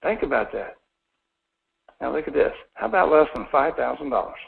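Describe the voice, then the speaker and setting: A man's voice: on the high side, big pitch swings, moderate pace, vocal fry. A man in his forties giving a folksy, persuasive mortgage sales talk on a conference call, often asking his listeners questions. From Florida. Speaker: mortgage presenter. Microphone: phone or conference call line. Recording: tinny phone-line audio.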